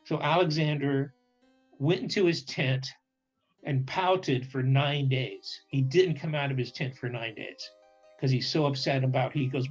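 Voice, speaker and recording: A man casually telling a history story with humor, acting out characters' lines in quick voices. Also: mid-range voice, highs cut off, soft background music. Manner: animated, acts out quotes in voices, restarts often. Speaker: podcast co-host.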